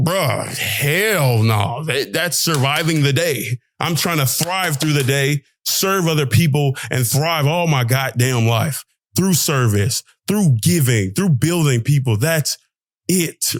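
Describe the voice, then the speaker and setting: This podcast host is a young pro basketball player with a highish voice who speaks at a measured pace. Talking close to the mic with no room sound, he gives a preachy, emphatic motivational speech loaded with slang, his pitch swinging widely.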